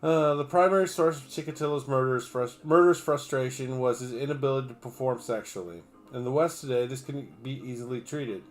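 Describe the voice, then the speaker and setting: Man, streamer, reading aloud, sarcastic cussing asides, trips on words, mid-pitched voice. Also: brisk, hardly any pauses, faint music behind. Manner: reads steadily, breaks off for crude, sarcastic asides; stumbles over names and words. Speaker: livestreamer. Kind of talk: reading an article aloud on a livestream.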